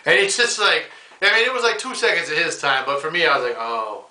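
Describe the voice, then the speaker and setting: Quick and expressive, his voice a little high, pushed and bright, a male comedian from the United States hosts a rambling comedic monologue. He rants casually and calls the listener "bro," with the mic set far off in an echoey room.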